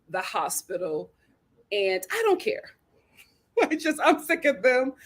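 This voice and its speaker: A woman hosting a casual reality TV recap, sassy and animated, laughing as she acts out what people said. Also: on the high side. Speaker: host.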